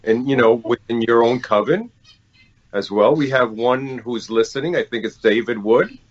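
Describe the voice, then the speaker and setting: A man's voice: mid-range voice, moderate pace. A man hosting a casual podcast, praising his guest effusively and repeating words as he goes. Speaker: podcast host. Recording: dull lo-fi call audio.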